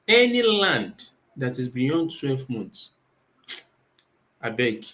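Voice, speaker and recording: A man's voice: mid-range voice, big pitch swings, takes it slowly, long pauses, bright, forceful tone, a little hiss or hum, rough recording. Nigerian man, emphatic advice talk. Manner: emphatic, asks rhetorical questions and answers them himself. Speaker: real estate company owner.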